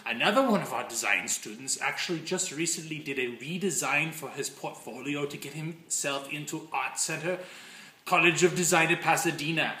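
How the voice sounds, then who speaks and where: A man's voice: fairly high pitch, bright, forceful tone. A man who owns a design studio gives a casual show-and-tell, chatty and gushing with crude offhand asides. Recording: echoey room.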